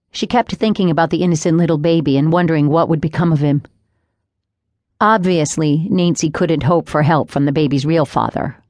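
A woman narrating a historical mystery audiobook in an even, measured storytelling voice, recorded close on a studio mic. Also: deep voice, no room sound.

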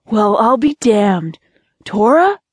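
A woman's voice: on the high side, big pitch swings, takes it slowly, husky, no echo, studio quality, full character voice. Woman voicing a laid-back young snowboarder guy. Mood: surprised. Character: rugged young male snowboarder, easygoing.

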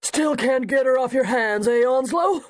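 A man voicing a large, red-faced, teasing older gentleman. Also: very high voice, unhurried, dry recording, studio quality, pitched above the performer's own voice.

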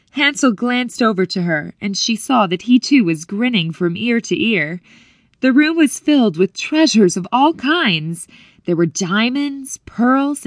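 A woman narrating an audiobook in clear, measured storytelling that lifts at moments of wonder. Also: medium pitch, no room sound, clean studio sound. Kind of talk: scripted narration.

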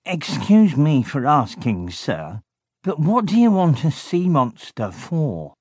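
A man's voice: on the high side, wildly swooping pitch, slow, darkish tone, husky, no echo, clean studio sound, pitched above the performer's own voice, full character voice. A man voicing a small, nervous, fawning henchman who calls his boss sir.

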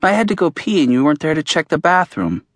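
This is an anxious young boy in an audiobook, put on by a man reading it. He speaks flatly and insistently, his pitch raised above the reader's own. The sound is dry and close. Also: fast talker, dry recording. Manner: flat, insistent repeating. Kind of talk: audiobook character voice.

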